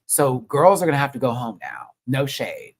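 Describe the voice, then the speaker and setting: A young man chatting casually on a live stream review, excitable and swearing often. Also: mid-range voice, normal speed, noisy background.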